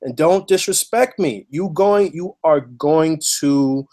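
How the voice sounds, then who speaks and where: A man's voice: on the high side, takes it slowly, darkish tone. A man hosting a podcast, telling a story in a heated, emphatic, profane way. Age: adult with a child. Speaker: podcast host.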